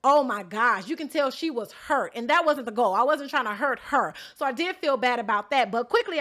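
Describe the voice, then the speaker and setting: Young woman vlogger, bright high voice, sassy, blunt and profane, talks right to the audience. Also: normal speed, hardly any pauses. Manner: sassy, blunt, profane, addresses viewers directly. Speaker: vlogger recapping a reality show she competed on. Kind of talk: animated storytelling vlog.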